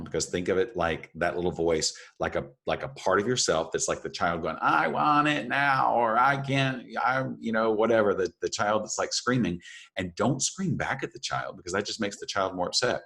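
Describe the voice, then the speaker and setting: An earnest man with an extremely low, deep voice, co-hosting a reflective conversation. He talks in an encouraging way and circles back to key phrases for emphasis. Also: a little fast, husky. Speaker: podcast co-host.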